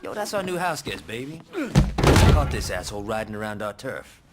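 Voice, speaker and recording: A man's voice: lowish voice, sing-song, fairly quick. A man voicing a cocky, foul-mouthed gang lieutenant in a video game. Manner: swaggering, profane. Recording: game audio with noise.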